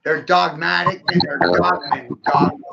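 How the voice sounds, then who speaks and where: A man delivering an aggressive, mocking, profane solo rant with a gravelly voice. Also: high voice, a little slow. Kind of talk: solo taunting rant to camera. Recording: muffled lo-fi audio with steady background noise.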